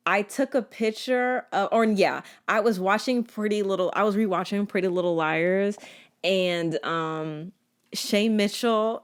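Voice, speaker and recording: Young woman, twenties, podcast host, casual chat, sarcastic, playful, middle pitch. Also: unhurried, smooth. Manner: playful, sarcastic, heavy use of "like".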